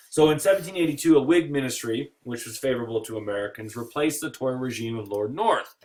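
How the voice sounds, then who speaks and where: A man giving a recorded history lecture over slides, casual and joking, with playful asides and quick put-on voices. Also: medium pitch, expressive, a little mellow. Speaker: history teacher.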